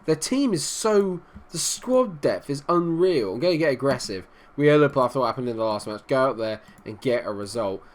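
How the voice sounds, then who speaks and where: Playing a football management game, this young man commentates in a relaxed yet irritated way. Low muttering gives way to shouts whenever his side finds the net.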